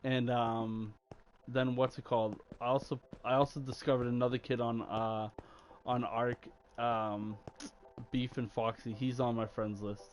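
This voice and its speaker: A man's voice: medium pitch, flat delivery, a little slow. A young man chatting casually while he plays a game, rambling and slangy with lots of fillers. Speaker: gaming channel host.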